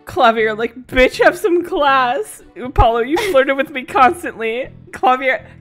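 A woman's voice: high voice, lively intonation, a little slow, fairly bright tone, soft background music. A woman chatting casually on a game stream, joking and teasing her friends with crude language. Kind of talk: casual let's-play chat.

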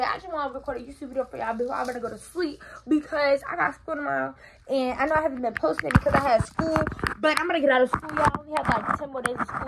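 A teenage girl vlogging to camera from her bedroom, talking fast and tired in a casual, chatty way. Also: sits high, gravelly, very noisy. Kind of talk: casual vlog talk to camera. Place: bedroom indoors.

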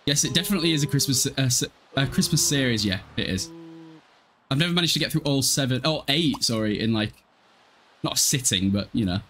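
Brisk and expressive, a medium-pitched, slightly bright male voice comes through with a touch of background noise. He's a gaming streamer from Hull, East Yorkshire, England, casually chatting to viewers mid-game with frequent laughter and plenty of swearing.

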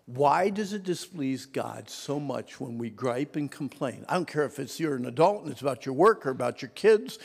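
A man with a slightly high, gravelly voice preaches to a mixed crowd of adults, teens and kids. He drops to whispers and then shouts, and has the audience say words back to him. His voice rings with the long echo of a church hall. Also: lively intonation, normal speed. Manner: dramatic swings from whispers to shouting; asks the audience to repeat words. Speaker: Sunday school speaker.

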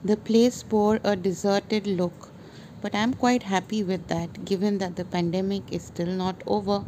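A woman's voice: mid-range voice, steady tone, measured pace, music in the background. A woman narrating her own travel and food vlog in a chatty, self-mocking way. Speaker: vlogger. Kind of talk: casual voice-over narration.

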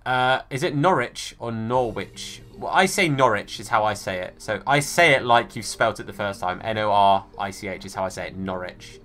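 A man's voice: a little high, pushed and bright. A man streaming a football video game, chatting casually with viewers and greeting them by name. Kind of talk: live gaming stream chat.

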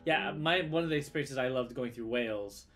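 A man's voice: medium pitch, brisk, over music. A man chatting casually on a livestream, easygoing and rambling, with many fillers. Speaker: streamer co-host.

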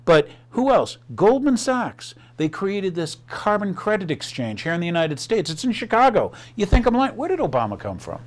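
Male host, lively sarcastic commentary, slightly high voice. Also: brisk, few pauses. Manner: animated, sarcastic, rhetorical questions. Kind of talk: commentary monologue.

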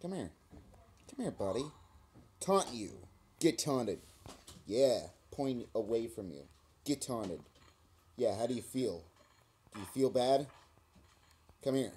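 A man's voice: medium pitch, mellow, slight background noise. A young man commentating his own mobile wrestling game, taunting and swearing at his opponent. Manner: trash-talking, taunting, swearing. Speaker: mobile game let's player. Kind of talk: let's play commentary. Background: screen tapping clicks.

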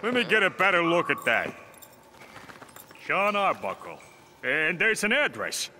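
A man's voice: a little high, huge pitch swings, measured pace, a little hiss or hum, exaggerated voice. An actor playing a blunt, working-class male dogcatcher in a cartoon. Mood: gruff. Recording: cartoon soundtrack with loud music.

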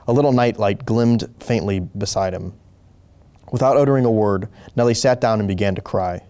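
A man reading a short story aloud as host, slow and deliberate with occasional small slips. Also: fairly low pitch, mellow. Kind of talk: measured story narration.

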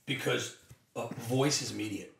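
A man's voice: mid-range voice, normal speed, creaky, a bit bright, echoey room, far from the mic. A man who is a company co-founder, speaking as a podcast guest with an emphatic, persuasive manner. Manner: emphatic, persuasive, acts out quoted dialogue. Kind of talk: energetic conversational interview.

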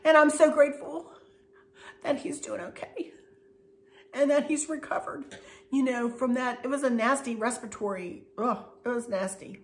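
A woman's voice: high voice, normal speed. A middle-aged woman, chatting to her viewers in a folksy way and laughing often. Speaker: craft and decor vlogger. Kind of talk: casual chat to viewers.

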